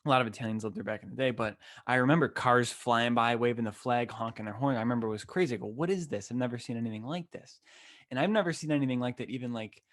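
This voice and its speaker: A man's voice: mid-range voice, very fast, hardly any pauses. A young man hosts his podcast alone, telling a long story in a loose, slangy way. He rambles and gets worked up as he goes, with a voice that sits in an ordinary middle range for a man. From Western New York. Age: 20s. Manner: animated, rambling, slangy and excitable. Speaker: podcast host. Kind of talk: casual solo podcast storytelling. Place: temporary room, not his usual setup.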